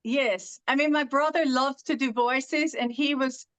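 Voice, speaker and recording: A woman's voice: sits high, steady tone, unhurried, fairly bright tone, no room sound. A woman from California who speaks with a British-sounding accent, chatting casually as an interview guest and telling stories carefully. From Los Angeles, California. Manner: speaks with a foreign-sounding accent from a speech condition, often described as British. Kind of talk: casual conversation.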